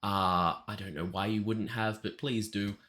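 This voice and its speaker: A man's voice: lowish voice, steady tone, unhurried, pushed and bright. A man hosting a music reaction video, talking casually and gushing with enthusiasm. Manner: gushing, enthusiastic, chatty with fillers.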